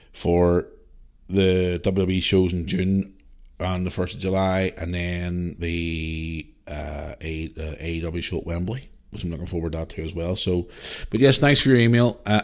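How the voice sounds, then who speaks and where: A man with a low, deep voice, a single dad, hosts a solo podcast episode. He rambles casually through listener emails, repeating himself, restarting sentences and swearing bluntly.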